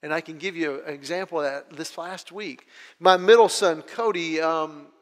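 A middle-aged man telling funny personal stories to an audience in an animated, self-deprecating way, often restarting his phrases. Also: on the high side, moderate pace, in a large hall. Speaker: speaker sharing a personal testimony. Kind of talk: humorous personal storytelling.

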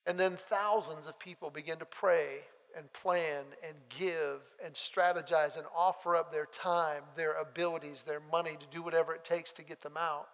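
A man preaching a sermon, telling a personal story and acting out the dialogue in an animated way. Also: fairly high pitch, moderate pace, few pauses. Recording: long hall reverb.

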